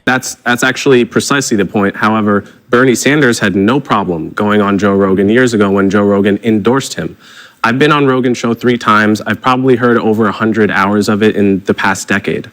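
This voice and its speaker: A man's voice: fairly low pitch, brisk, fairly bright tone, rough recording. A man arguing his case in a televised debate, fluent and methodical as he lists his points. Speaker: TV guest.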